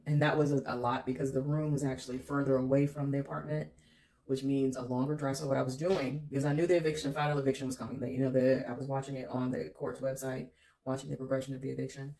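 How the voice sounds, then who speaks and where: A woman's voice: rumbling low, level tone, quick pace, mellow. A woman vlogger telling a personal story in an emphatic, candid way, swearing freely.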